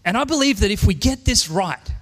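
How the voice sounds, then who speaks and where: A man's voice: high voice, expressive, brisk, a bit bright, in a large hall. An Australian man in his forties preaching a sermon in church, earnest and emphatic, repeating his key lines. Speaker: pastor.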